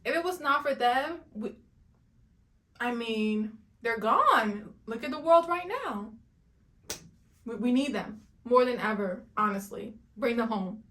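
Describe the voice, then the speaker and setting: Animated woman ranting, slightly high voice. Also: a little slow. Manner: dramatic, emphatic, repeats herself for effect. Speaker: YouTube reviewer. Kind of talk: animated rant and review.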